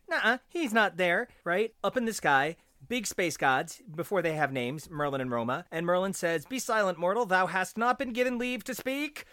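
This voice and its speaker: Excited lady rambling about comics, swears a lot, dry sound. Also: lowish voice, no echo. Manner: excitable, swears freely, lots of likes. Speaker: podcast co-host. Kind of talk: casual comic book discussion.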